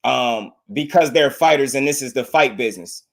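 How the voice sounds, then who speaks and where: A man's voice: medium pitch, normal speed. A young man, giving heated live reaction commentary and repeating his points to the chat. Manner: argumentative, emphatic, repeats points, addresses chat as bro. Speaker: boxing reaction streamer.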